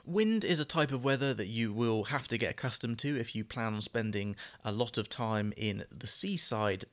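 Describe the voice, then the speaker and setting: A British man hosting a podcast lesson, explaining everyday phrases in a relaxed way with many fillers and frequent "right?" checks. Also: on the low side, normal speed. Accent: British English. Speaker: podcast host and English teacher.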